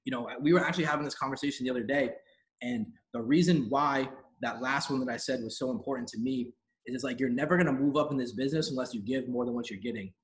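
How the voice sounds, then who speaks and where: A man's voice: mid-range voice, fast talker, rough recording. A man hosting a live online training call, giving an emphatic, repetitive motivational talk in slangy, casual speech. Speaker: host of a team training call.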